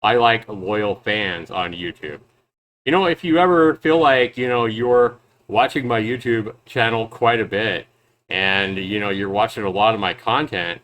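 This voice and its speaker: A man's voice: lowish voice, moderate pace, a bit bright. Sarcastic man mocking a rival. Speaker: YouTube game reviewer and developer. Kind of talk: reaction commentary.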